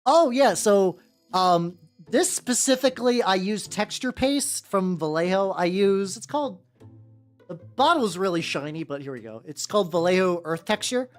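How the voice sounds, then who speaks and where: A woman's voice: medium pitch, lively intonation, moderate pace. A woman from America streaming as a VTuber while painting miniatures, chatting casually with viewers in a rambling, profane way. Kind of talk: casual livestream chat. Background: faint background music.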